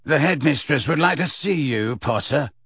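A man's voice: a little high, expressive, moderate pace, a bit bright, breathy edge, dry recording, studio quality, exaggerated voice. A man voicing a leering, nasty old male school caretaker who wheezes and gloats. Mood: gloating. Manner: gloating, chuckling menace.

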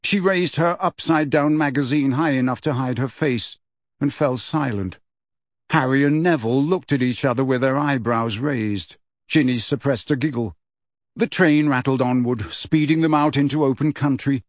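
Male audiobook narrator with a steady, measured read and a mid-range voice, recorded dry and close. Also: medium pitch, dry recording.

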